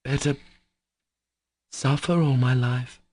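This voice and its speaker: A man's voice: mid-range voice, fairly even intonation, takes it slowly, darkish tone, slightly rough, dry recording, pitched above the performer's own voice. A man voicing a proud, anguished young woman in an audiobook, who falters and stammers. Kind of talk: audiobook character voice.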